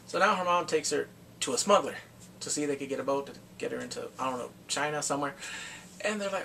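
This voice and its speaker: A man recapping a TV drama in casual talk, acting out the characters' lines in quick animated bursts. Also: on the high side, vocal fry, recorded from a distance, slight background noise. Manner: animated, acts out quotes from the show in quick bursts. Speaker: drama reviewer.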